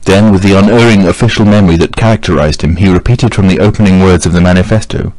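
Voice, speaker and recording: Deep-voiced man reading an audiobook. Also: fast, few pauses, a little mellow, dry recording, rough recording. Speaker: audiobook reader. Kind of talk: scripted narration.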